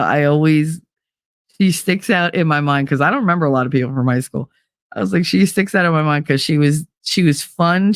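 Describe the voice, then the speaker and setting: A woman's voice: deep voice, no echo, clean studio sound. A middle-aged woman, telling a story in casual, profane podcast chat, laughing and acting out the voices of the people in it. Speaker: podcast host.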